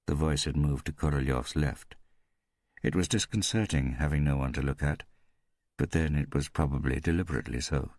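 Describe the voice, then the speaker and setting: A man reads a mystery audiobook in an extremely deep, low voice. His delivery is measured and steady, and the close studio sound is dry, with no room echo. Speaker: audiobook narrator. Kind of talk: scripted audiobook narration.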